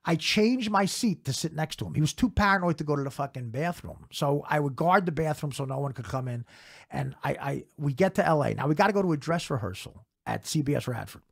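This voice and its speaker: A man's voice: a little high, expressive, fairly quick, creaky, husky. A middle-aged man telling a profane comedy anecdote in a casual podcast chat. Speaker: comedian guest. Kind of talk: casual storytelling.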